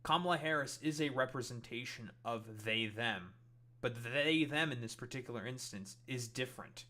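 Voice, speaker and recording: A man's voice: mid-range voice, normal speed, bright, forceful tone. A male streamer delivering a heated, profanity-laden political rant while reacting to clips. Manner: heated, swears constantly.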